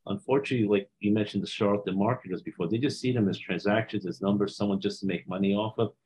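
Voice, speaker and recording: A man hosting a podcast, reflecting on his guest's story in a halting way, often repeating words as he goes. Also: on the low side, steady tone, darkish tone, slight background noise, low-quality recording. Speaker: podcast host. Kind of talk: casual interview chat.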